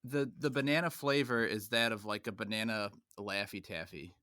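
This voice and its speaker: A man's voice: lowish voice, steady tone, moderate pace, pushed and bright, dry recording, clean studio sound. A man hosting a podcast, steering a chatty talk through snack reviews. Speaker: podcast host. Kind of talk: casual chat.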